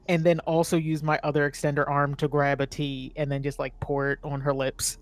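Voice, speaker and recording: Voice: mid-range voice, little pitch movement, brisk, hardly any pauses. A player in a tabletop role-playing game, playfully describing actions. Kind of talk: casual tabletop play.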